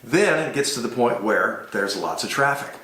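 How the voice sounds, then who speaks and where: A man recounting a wild cab ride abroad as an expat, telling it with animated energy and vivid sound effects. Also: medium pitch, normal speed. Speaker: expat storyteller. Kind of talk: casual travel storytelling. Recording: roomy echoey room.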